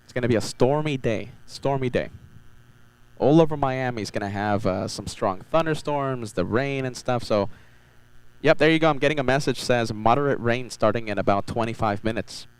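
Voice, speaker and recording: A man's voice: mid-range voice, normal speed, smooth, rough recording. A man hosting an outdoor live stream from a beach, chatting upbeat and repeating his phrases as he reads viewer messages. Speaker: livestream host. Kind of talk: live spotting stream commentary.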